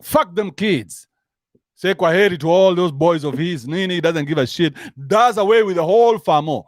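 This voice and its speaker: A man's voice: sits high, a little fast, no echo, studio quality. A man with a Kenyan accent giving a crude, mocking comic rant, switching between English and slang. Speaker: commentary show host. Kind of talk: rant-style comic commentary.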